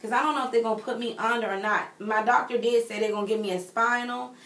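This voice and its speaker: A woman's voice: a little high, fairly even intonation, quick pace, fairly bright tone, slight background noise. A heavily pregnant woman in a home nursery, chatting expressively and directly to her viewers. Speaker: vlogger. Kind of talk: casual chat to viewers. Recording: echoey room, mic at a distance.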